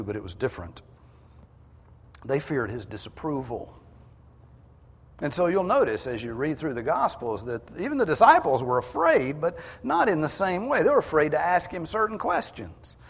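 A man preaching a sermon, emphatic, rising in pitch and force to drive his points home. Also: very animated, normal speed, vocal fry, breathy edge, long reverb tail.

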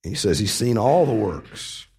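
A man's voice: fairly low pitch, big pitch swings, measured pace, mellow, breathy edge. A man preaching a sermon, explaining scripture with earnest, emphatic repetition.

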